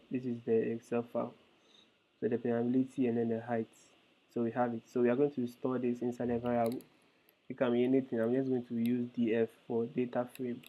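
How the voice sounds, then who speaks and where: A male instructor explaining code step by step in a live online lesson, hesitant with frequent fillers. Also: medium pitch. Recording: tinny phone-like call audio.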